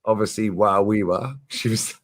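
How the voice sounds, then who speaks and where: A man hosting a casual livestream chat, animated and emphatic, swearing freely and repeating his points. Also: on the low side, normal speed. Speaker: streamer host.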